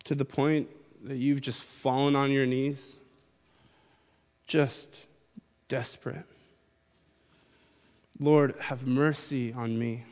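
A man's voice: mid-range voice, level tone, slow, pauses often, darkish tone. A man preaching a sermon in a casual, conversational way, reading scripture aloud and then explaining it. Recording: long hall reverb.

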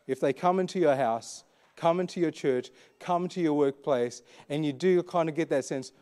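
Male pastor, high mellow voice, chatty questioning sermon delivery. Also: moderate pace. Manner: conversational, questioning, frequent fillers.

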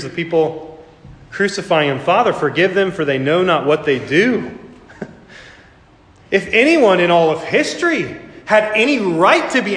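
A man delivers a sermon from the pulpit, his fairly high voice carrying through a reverberant church hall. He moves between quiet, confessional stretches and impassioned, emphatic rises. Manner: impassioned, rising to emphatic peaks. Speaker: pastor. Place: church sanctuary.

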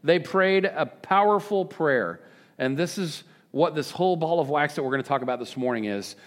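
Guy preaching, kinda high pitched, animated, cracks jokes, gets the church to say stuff back. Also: moderate pace. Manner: animated, joking, prompts congregation to respond. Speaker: pastor. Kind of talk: sermon. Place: church service with congregation.

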